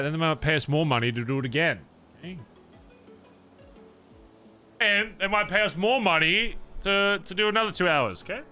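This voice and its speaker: A man's voice: mid-range voice, pushed and bright. A man streaming and chatting casually with his viewers, rambling with plenty of swearing and fillers.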